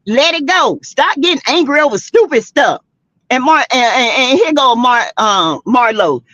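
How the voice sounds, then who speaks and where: An older woman with a Southern US accent hosts a casual gossip livestream, sassy and animated, laughing often and greeting viewers by name. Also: sits high, normal speed, dry recording. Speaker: host of a celebrity gossip livestream. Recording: dry, dull lo-fi webcam audio.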